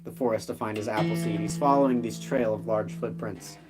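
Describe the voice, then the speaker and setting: A man's voice: lowish voice, brisk, over loud music. Rambling man improvising a story. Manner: rambling, filler-heavy, loose. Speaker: live-stream storyteller. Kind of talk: improvised storytelling live stream.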